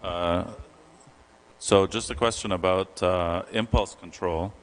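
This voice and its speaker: A man in the audience asking a question haltingly, with many pauses and fillers. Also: low-pitched, fairly even intonation, clean tone.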